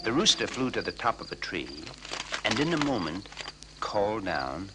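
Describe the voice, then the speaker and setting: Animated man reading a children's storybook. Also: lowish voice, moderate pace, background noise. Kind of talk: storybook narration on a children's record.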